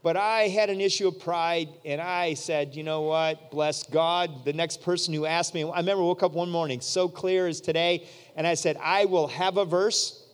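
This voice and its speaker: Animated preaching man, high voice. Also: moderate pace, few pauses, smooth. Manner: animated, acts out quoted voices. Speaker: pastor. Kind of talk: storytelling sermon. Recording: long hall reverb.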